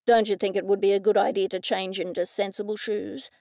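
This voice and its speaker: A woman voicing a cool, curt male police detective who speaks in a dry, deadpan way. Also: medium pitch, fairly quick, no echo, natural voice.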